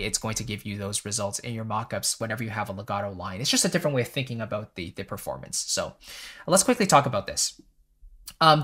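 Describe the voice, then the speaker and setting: A man's voice: medium pitch, a bit bright. A man hosting a composing tutorial, explaining in a friendly conversational way and often checking in with "right?". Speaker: composer and music teacher.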